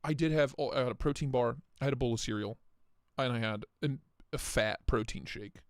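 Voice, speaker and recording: A man's voice: mid-range voice, a little fast, smooth, dry recording, studio quality. A man hosting a casual livestream, joking and rambling as he greets viewers by name. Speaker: livestream host.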